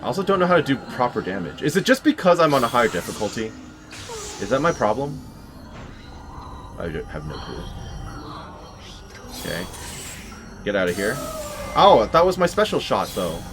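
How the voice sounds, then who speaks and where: With a sing-song, mid-range voice at normal speed, a let's play commentator works through a horror game, leaving long pauses. He wryly talks back to enemies over background game music.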